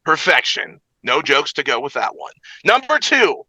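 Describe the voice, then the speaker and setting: A man's voice: a little high, big pitch swings, moderate pace, pushed and bright, no echo, full character voice, low-quality recording. A man putting on the voice of a pumped-up male countdown show host, with a bouncy announcer delivery full of jokey asides. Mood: showy.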